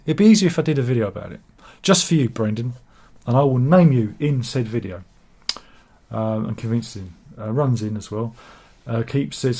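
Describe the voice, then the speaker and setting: A man's voice: medium pitch, moderate pace, warm tone. Man, casual chat show host, reads viewer comments, rambling, jokey asides.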